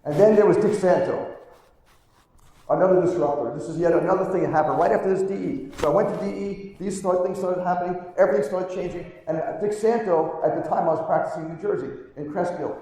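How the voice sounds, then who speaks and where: A man's voice: sits high, fast talker, warm tone. Middle-aged man telling stories in an echoey hall. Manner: earnest storyteller, keeps asking the crowd "right?". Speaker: pediatric chiropractor giving a keynote. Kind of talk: live conference talk, storytelling. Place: large conference hall, live on stage. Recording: very echoey hall, distant mic.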